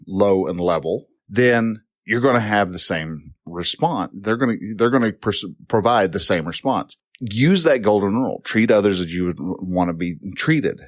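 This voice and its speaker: A man with a lowish voice gives advice on a podcast in a loose, unscripted, rambling way, circling back, restarting sentences and using many fillers. When a point excites him he gets louder and more animated. The sound is dry and close, with no room echo.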